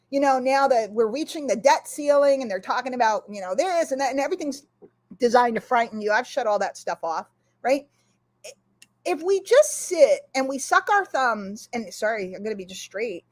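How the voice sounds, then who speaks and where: A middle-aged woman hosting an online community, giving an emotional, earnest motivational talk that rallies her listeners. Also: high-pitched. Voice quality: recovering lungs after illness. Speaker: community host.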